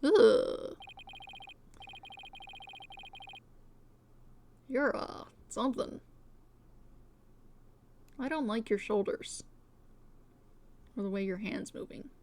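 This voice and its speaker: A woman's voice: fairly high pitch, slow, long pauses, dark tone, a little hiss or hum. A woman voicing a shifty, folksy middle-aged man who drawls and stammers when cornered. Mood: flustered.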